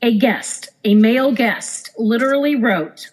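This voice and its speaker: A woman's voice: mid-range voice, normal speed, rough recording. A woman, a former cruise director, telling stories in a casual podcast chat and acting out the people she quotes. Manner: animated, acts out quoted people. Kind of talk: casual storytelling.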